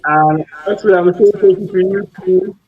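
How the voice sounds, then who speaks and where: A man who came second in a contest giving halting thanks. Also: high voice, big pitch swings, phone-quality sound, soft background music. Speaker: contest runner-up.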